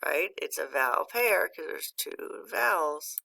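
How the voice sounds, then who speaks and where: Slow, gravelly-voiced woman phonics teacher. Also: fairly low pitch, lively intonation, pushed and bright. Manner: patient, encouraging, pauses for student answers. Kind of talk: recorded phonics lesson.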